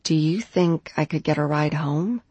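A woman voicing a soft-spoken, gentle best friend. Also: low voice, unhurried, breathy edge, no echo. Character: tired, kind female best friend.

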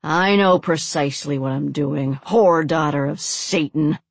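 A woman's voice: low-pitched, a little slow, creaky, no room sound, full character voice. A woman doing a menacing cult leader man. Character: sinister older man leading a cult ritual.

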